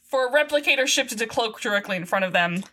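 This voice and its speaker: A woman casually recapping a TV episode on a podcast, animated and quick to laugh, quoting the characters playfully. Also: fairly high pitch. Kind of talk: casual chat.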